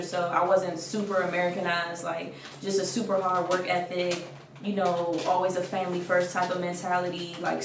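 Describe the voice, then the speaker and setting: A woman's voice: fairly low pitch, recorded from a distance. A young woman talks in a casual, blunt way, laughing often and leaning on "like." She sits a bit back from the mic in an echoey room with faint noise behind her. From Washington DC area. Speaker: rapper guest. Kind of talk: casual interview.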